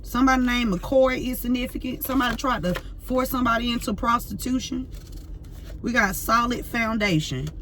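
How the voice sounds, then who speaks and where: Venting to camera in a slightly high, somewhat bright voice, a woman tarot reader talks a little fast in a heated, unscripted rant. Her delivery is fiery and profane, slangy and repetitive.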